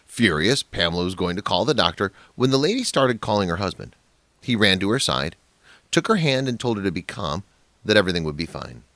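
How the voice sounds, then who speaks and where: A man's voice: low voice, big pitch swings, fairly quick, fairly bright tone, no room sound. A man narrating a dramatic family story in a scripted, emphatic way.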